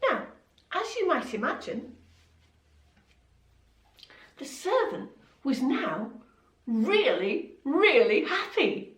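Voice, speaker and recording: Expressive woman telling a Bible story. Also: high-pitched, takes it slowly, long pauses. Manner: expressive, dramatic storytelling with acted quotes. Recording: echoey room, voice from a distance.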